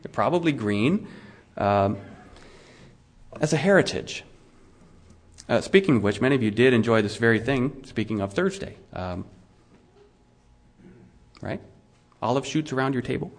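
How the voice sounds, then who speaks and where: A middle-aged male pastor preaches in a conversational way, asking his listeners questions, with an animated mid-range voice at normal speed. He pauses often, restarts his words frequently, and repeats himself.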